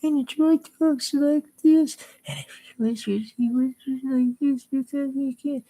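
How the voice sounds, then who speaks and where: A man putting on a shrill, whispery voice to mock another man. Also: steady tone, slow, warm tone, heavily acted. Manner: whispery, mocking.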